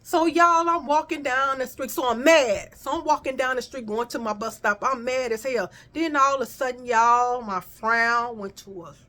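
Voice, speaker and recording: A woman telling a casual personal story, animated and profane, often calling her listeners y'all. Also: high voice, moderate pace, hardly any pauses. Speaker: vlogger.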